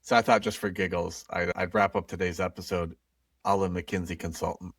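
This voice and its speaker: A man's voice: low-pitched, flat delivery, a little fast, dry recording, recorded from a distance. A man co-hosting a casual business podcast, chatting easily with his co-host. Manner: conversational, reads a jokey outro in mock consultant speak.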